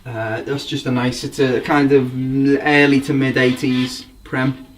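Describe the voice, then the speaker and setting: A man's voice: mid-range voice, level tone, measured pace. A man, a drum collector, casually showing off his gear with rambling enthusiasm. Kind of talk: casual show-and-tell. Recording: voice from a distance, faint background noise.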